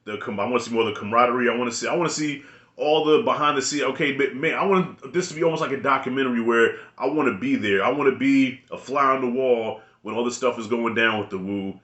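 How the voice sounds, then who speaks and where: A man's voice: medium pitch, fast talker, a bit bright, reverberant. A man giving a casual spoken review of a TV episode, loose and rambling, with slangy, profane talk. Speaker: video reviewer.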